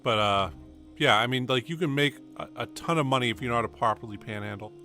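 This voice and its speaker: A man with a bright, forward voice rambles through loose anecdotes while playing a game, stumbling over restarts and "uh"s. Faint game music sits quietly behind him. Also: mid-range voice, fast. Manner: meandering, full of fillers and restarts. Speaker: gaming streamer. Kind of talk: rambling casual storytelling over gameplay.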